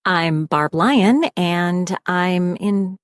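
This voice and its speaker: A woman from Illinois, a voiceover artist, chatting on a podcast in a measured, slightly wry way. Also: fairly low pitch, smooth, no room sound, studio quality. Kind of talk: casual podcast chat.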